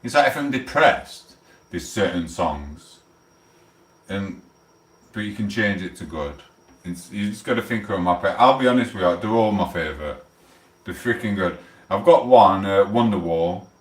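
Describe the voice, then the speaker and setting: A man with a Sheffield accent, chatting casually on a live stream, rambling and swearing with loud outbursts. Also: lowish voice, animated, normal speed, reverberant, far from the mic. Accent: Sheffield, South Yorkshire. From England.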